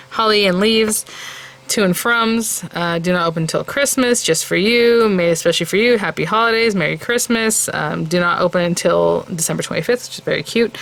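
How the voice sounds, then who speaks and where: Gushing woman crafter with gravelly voice. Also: fairly low pitch, fairly bright tone. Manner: chatty, gushing, many ums and likes. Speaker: crafting channel host. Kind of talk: casual product unboxing chat.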